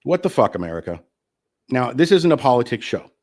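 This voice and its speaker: A man's voice: medium pitch, big pitch swings, fairly quick, a little mellow. A middle-aged man getting over the flu and short of breath, hosting his own live-streamed talk show in a candid, rambling way and swearing freely.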